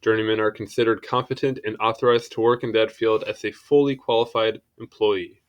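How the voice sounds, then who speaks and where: A man's voice: on the low side, steady tone, fairly quick, muffled recording. Casual young man reading aloud. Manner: stumbles over foreign words, apologetic asides. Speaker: reader of encyclopedia articles.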